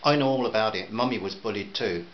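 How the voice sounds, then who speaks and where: A man's voice: on the low side, quick pace, lo-fi sound, slight background noise, close to an everyday voice. A man voicing an angry, indignant mother who snaps and raises her voice. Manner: snapping, raised voice.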